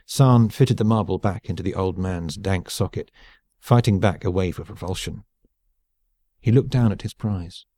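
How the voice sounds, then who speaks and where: A man reading an audiobook in a measured, even storytelling voice on a close mic. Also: sits low, no echo. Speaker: audiobook narrator. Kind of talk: scripted narration.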